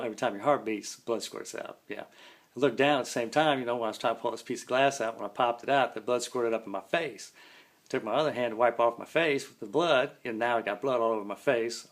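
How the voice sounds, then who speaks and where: Guy rambling thru an old story, folksy, lots of "you know, man", medium pitched voice. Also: vocal fry. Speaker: storyteller recalling his own past. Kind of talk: casual spoken storytelling.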